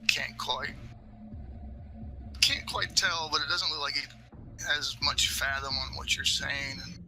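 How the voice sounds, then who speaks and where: Man, game master, slow loose narration, bright edgy voice, faint music behind. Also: medium pitch, steady tone, low-quality recording.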